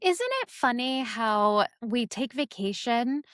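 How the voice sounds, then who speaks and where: A woman's voice: fairly high pitch, expressive, takes it slowly, a bit bright, no room sound. Chatty woman podcast co-host, dry sound. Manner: chatty, rambling with many fillers and laughs. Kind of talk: casual chat.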